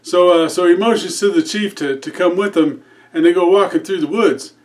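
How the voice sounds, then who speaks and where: A man's voice: high-pitched, normal speed. A man telling a joke in a casual, rambling way, full of fillers and restarts. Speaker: comedy channel host.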